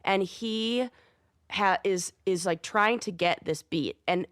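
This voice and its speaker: A woman co-hosting a podcast in casual chat, telling stories quickly and with animation. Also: mid-range voice, dry recording, studio quality. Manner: fast-talking, animated storytelling. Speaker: podcast co-host.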